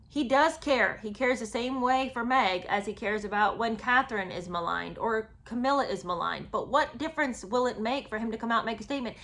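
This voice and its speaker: A woman's voice: fairly high pitch, expressive, fairly quick, a bit bright. A woman giving casual, sarcastic commentary on a book, chatting with lots of ums and restarts. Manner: sarcastic, chatty, many fillers.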